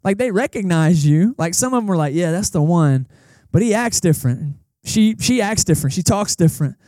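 A young man preaching a casual, animated sermon at a church service, acting out the people in the story as he goes. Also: high-pitched, a little fast, no echo. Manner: animated, conversational preaching with acted-out quotes. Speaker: pastor. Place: church service in a cinema auditorium.

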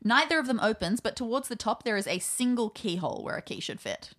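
A woman's voice: on the high side, sing-song, fast talker, fairly bright tone. Amused woman game master narrating. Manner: descriptive, amused, often laughing. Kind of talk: narrating a tabletop role-playing game.

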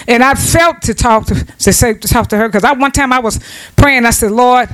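A woman's voice: mid-range voice, low-quality recording. Woman preaching an informal sermon. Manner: preaching with repeated "Amen" and calls to the congregation; informal vernacular speech with frequent restarts.

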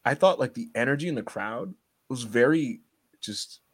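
A man co-hosting a casual wrestling podcast, joking, animated and laughing often. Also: mid-range voice, normal speed, breathy edge. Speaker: podcast co-host.

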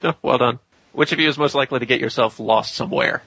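Male interviewer, bright gravelly voice, short questions, brief reactions, muffled dry recording. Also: mid-range voice, fast, dry recording.

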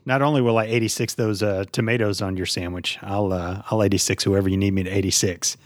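A man's voice: on the low side, fairly even intonation, fast, no room sound, clean studio sound. A man hosting a podcast in casual chat, joking and playful, acting out silly scenes. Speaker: podcast host.

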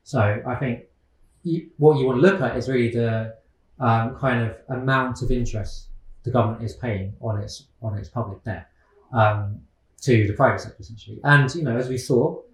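A man's voice: medium pitch, moderate pace. Hesitant man in an echoey room. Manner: hesitant, many fillers and restarts. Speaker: guest economist. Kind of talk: casual interview.

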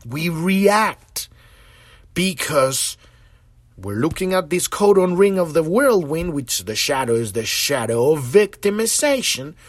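A man's voice: a little high, slow pace, dry recording. A man hosting a podcast, talking casually and with feeling about spiritual growth, swearing often and acting out the voices he quotes. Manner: animated, profane, acts out quoted voices. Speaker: podcast host.

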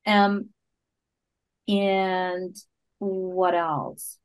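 A product management coach appears as a podcast guest, her fairly low, flat, resonant voice moving extremely slowly and clearly despite poor audio. She explains ideas step by step, laughing often, using fillers and restarts, and sometimes searching for English words.

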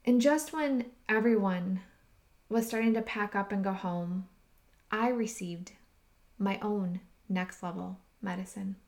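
A woman hosting a podcast, telling a personal story in a slow, heartfelt way that sometimes drops to a near whisper. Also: medium pitch, a little mellow. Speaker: podcast host and retreat leader.

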